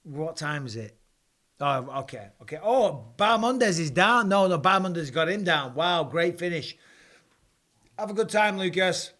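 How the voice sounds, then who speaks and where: A man hosting a live fight watch party from home, chatting with viewers and reacting excitedly, with casual swearing. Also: a little high, a little slow. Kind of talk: live watch-along commentary and chat.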